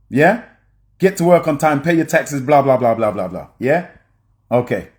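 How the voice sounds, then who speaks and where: A man's voice: mid-range voice, animated, normal speed. A man commenting on film scenes for his audience, emphatic and preacher-like, often checking in with "yeah?".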